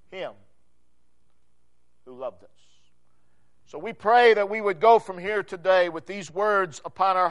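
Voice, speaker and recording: A man's voice: high voice, fairly bright tone. A man preaching a Sunday morning sermon, emphatic, repeating key phrases in a swelling, falling cadence. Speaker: pastor.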